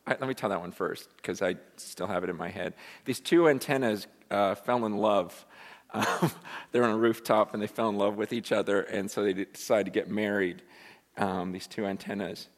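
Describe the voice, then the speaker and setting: A male pastor preaching a sermon in a church, self-deprecating and animated, often repeating words as he goes. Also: fairly low pitch, moderate pace. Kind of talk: sermon with a joke. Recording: long church reverb.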